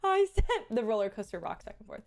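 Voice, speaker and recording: A woman streamer hosting a charity fundraiser, telling a story in casual chat, animated, laughing often and swearing casually. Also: medium pitch, fast, gravelly.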